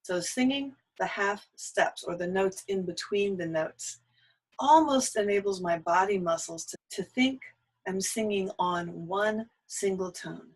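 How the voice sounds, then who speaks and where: A woman's voice: mid-range voice, unhurried, low-quality recording. Patient woman coaching a singing lesson. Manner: patient, coaching, gives step-by-step cues. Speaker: voice teacher.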